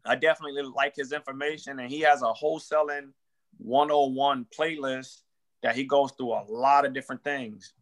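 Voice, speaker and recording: A man's voice: medium pitch, steady tone, normal speed, fairly bright tone. A man, a real estate wholesaler, chatting casually on a podcast in loose slang and acting out sample phone calls.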